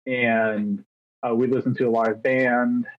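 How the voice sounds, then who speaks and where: A man of thirty co-hosting a podcast takes things slowly, his mid-range voice delivered flatly. He chats casually and ramblingly, putting himself down and acting out small exchanges. The sound is dull, dry and lo-fi.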